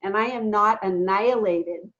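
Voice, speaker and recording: A woman in her fifties speaks at a mid pitch, earnest and a little halting as she tells her story. She slips in plenty of fillers and restarts. The sound is dull and lo-fi. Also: fairly bright tone. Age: 50s. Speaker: guest sharing a recovery story. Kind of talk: casual spoken testimony.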